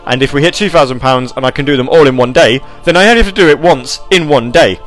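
A man hosting a casual live radio show, rambling and animated as he reads chat messages and tells stories. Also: mid-range voice, fast, soft background music.

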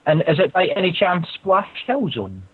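A man with a husky voice chats in a relaxed group call and guesses answers in a playful, mock-formal way. His audio is dull and lo-fi. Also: sits high, normal speed. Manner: playful, mock-grand phrasing. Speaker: quiz contestant. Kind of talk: casual group call chat.

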